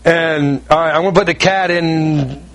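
A man with a high voice preaches a sermon with emphatic, repetitive phrasing. He breaks off into quick asides to his listeners. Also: steady tone, a bit bright. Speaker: pastor.

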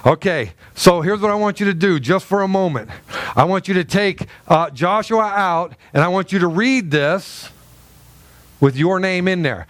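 High-voiced emphatic male preacher. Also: animated, normal speed, no echo. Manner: emphatic, frequent fillers and restarts, calls to the congregation. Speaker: pastor. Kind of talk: sermon.

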